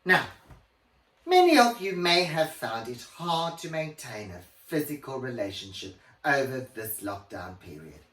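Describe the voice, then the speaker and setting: A man's voice: medium pitch, a bit bright, heavily acted. A man playing a pompous, older woman, who hosts a podcast in a grand, theatrical comic monologue. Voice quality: grand, theatrical, swooping delivery. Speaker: podcast host character. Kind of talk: comedic character monologue. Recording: roomy, distant mic.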